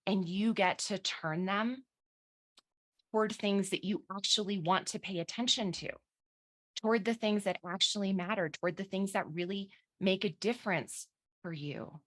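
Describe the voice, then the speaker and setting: A woman coach leading a guided visualization over a live online session, slow and soothing, swearing now and then. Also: mid-range voice, a bit bright.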